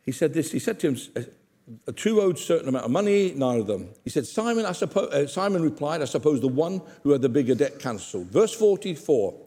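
A man's voice: fairly high pitch, big pitch swings, fairly quick, dark tone. An older man preaching a sermon, acting out Bible scenes with humor and asides to the congregation.

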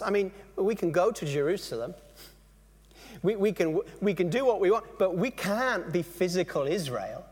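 A man preaching a sermon, animated, stopping and restarting phrases as he explains. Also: high voice, in a large hall. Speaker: pastor.

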